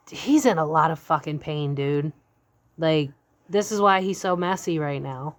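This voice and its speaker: A young woman with a slightly low voice reads tarot cards for her viewers in a loose, chatty way. She is blunt, curses casually and breaks into laughter. She talks plainly and candidly throughout. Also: measured pace. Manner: blunt and candid, swears freely, laughs often. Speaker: psychic tarot reader. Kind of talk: casual spoken tarot reading.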